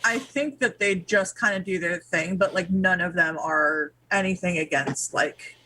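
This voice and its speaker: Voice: mid-range voice, a little slow, bright, forceful tone, rough recording. A tabletop game player who talks hesitantly with frequent ums. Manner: hesitant, umming. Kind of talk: casual tabletop play.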